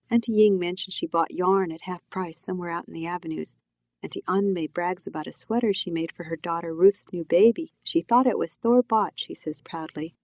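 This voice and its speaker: A woman, the author, reading her own novel aloud in a quiet, reflective first-person telling. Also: on the low side, no echo. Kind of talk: audiobook narration.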